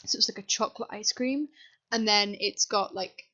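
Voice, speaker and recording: A woman's voice: medium pitch, moderate pace, sharp tone. Rambling young woman, muffled voiceover. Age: young adult. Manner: rambling, chatty, self-deprecating. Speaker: sims builder voiceover. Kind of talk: casual voiceover chat. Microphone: desk microphone.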